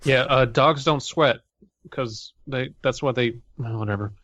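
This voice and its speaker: A man chiming in with sarcastic, deadpan asides and casual swearing. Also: medium pitch, a little slow, dry recording, lo-fi sound. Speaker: co-host. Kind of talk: joking commentary.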